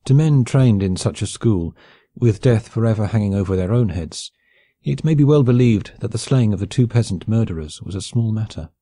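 A man narrating a classic novel as an audiobook in a measured, even storytelling delivery. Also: on the low side, no room sound.

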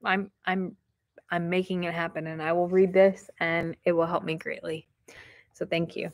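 A woman hosting a casual vlog, opening mail from viewers and talking warmly and emotionally, close to tears at times. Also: on the low side, flat delivery, moderate pace. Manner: chatty and emotional, near tears.

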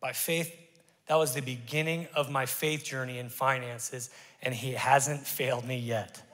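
A middle-aged man preaching a sermon as pastor, conversational and animated with sudden loud bursts. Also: mid-range voice, measured pace. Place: church sanctuary. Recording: long church-hall reverb.

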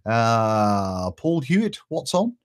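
A man's voice: medium pitch, very animated, takes it slowly. A man hosting a casual live stream, reading out viewer greetings in a chatty, self-mocking way and stumbling over names. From East Anglia. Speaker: vaping channel host.

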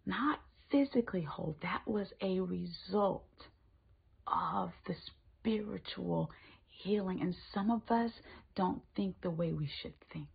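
A woman giving a spoken Christian devotional, moving between emphatic lines and hushed whispers. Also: lowish voice, measured pace, vocal fry, breathy edge. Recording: tinny phone-like sound.

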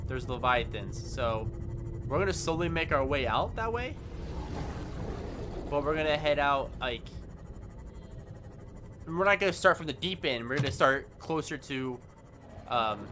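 A man's voice: mid-range voice, pushed and bright, slight background noise. A man giving casual gameplay commentary, rambling with stammering restarts and yelping in panic when startled. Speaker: gaming YouTuber. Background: game music.

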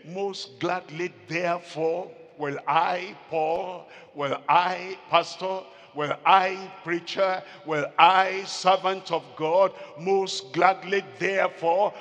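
A male pastor preaching a sermon, slow and emphatic, repeating phrases and calling out to the congregation. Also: fairly high pitch, steady tone, a bit bright. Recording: long hall reverb.

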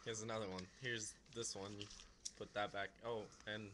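A man's voice: on the low side, flat delivery, normal speed, background noise. A young man casually vlogging at home, reading letters aloud in a mocking, sing-song voice. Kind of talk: casual comedic vlog.

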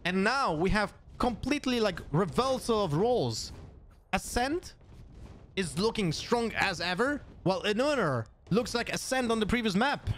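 High-voiced man with an accent casting esports. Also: moderate pace, slight background noise. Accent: non-native English accent. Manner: excitable, jumps up to shouts on kills; thinks aloud with frequent restarts and fillers. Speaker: esports caster. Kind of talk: live esports play-by-play commentary.

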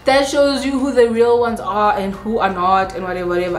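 A South African woman YouTuber telling a personal story in a dramatic, animated way, with sudden high-pitched asides. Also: brisk, few pauses, reverberant, faint music behind. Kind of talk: storytime vlog.

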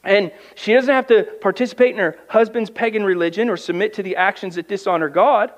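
A man's voice: sits high, a little fast. A man, a pastor, preaching a conversational sermon in church, asking the congregation rhetorical questions and acting out quoted voices. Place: church sanctuary.

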